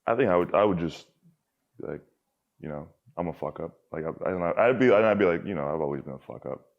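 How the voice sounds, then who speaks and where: A man's voice: low voice, expressive, fast talker, lo-fi sound. A young man talking candidly as a podcast guest, rambling with lots of filler words and casual swearing.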